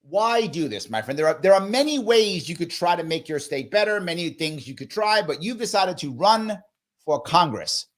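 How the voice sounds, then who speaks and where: A man with a New York accent hosting a casual live chat show, talking in an animated, emphatic way. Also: high-pitched, moderate pace. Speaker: host.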